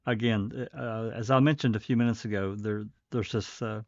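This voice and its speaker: A man hosting a casual livestream, talking in a rambling, halting way with a faint Southern American accent. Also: lowish voice, steady tone, a little mellow, dry recording. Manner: rambling, halting, many fillers. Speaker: livestream host. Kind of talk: casual commentary. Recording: dull dry lo-fi stream.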